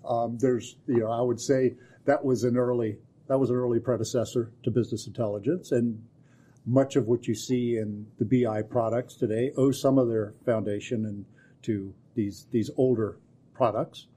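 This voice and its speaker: Deadpan man explaining at length. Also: medium pitch, normal speed, slightly rough. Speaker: co-host and technology partner. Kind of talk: casual podcast chat.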